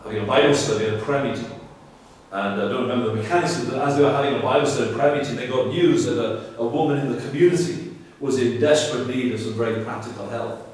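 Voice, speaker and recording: A pastor preaches earnestly in a church sanctuary, pressing the congregation with rhetorical questions. His mid-range, darkish voice comes from a distance in the heavily echoing room, with a little hiss or hum.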